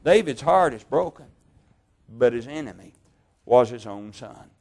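A man preaching a sermon, reading Bible passages in a measured way, slowing down on key words and correcting his own slips. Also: mid-range voice, expressive, darkish tone. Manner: measured, slow over key words, stumbles on names and corrects himself.

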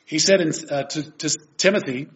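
A man's voice: fairly high pitch, moderate pace. A man preaching a sermon earnestly and emphatically, reading scripture aloud and explaining it. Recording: dull lo-fi recording.

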